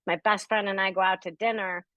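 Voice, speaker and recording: A woman's voice: medium pitch, a little fast, no room sound, dull audio. Host woman, encouraging and upbeat on a video call, dry sound. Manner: encouraging, affirming, animated. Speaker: host of a spiritual group session. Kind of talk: supportive group discussion.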